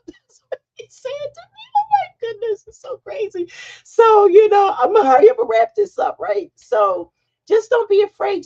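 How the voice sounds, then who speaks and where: A middle-aged woman chats on a livestream from her home, bubbly and excitable. Her pitch swoops up and down, with a gravelly fry underneath. The audio sounds dull and lo-fi. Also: moderate pace. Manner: chatty, excitable, greets viewers in chat. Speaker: livestream host. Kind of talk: casual livestream chat. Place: home, sitting on a heating pad.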